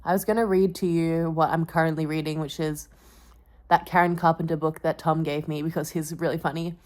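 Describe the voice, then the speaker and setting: Offhand rambling woman vlogger, low voice. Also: level tone, fairly quick, darkish tone. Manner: rambling and offhand, with trailing fillers. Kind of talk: casual vlog chat.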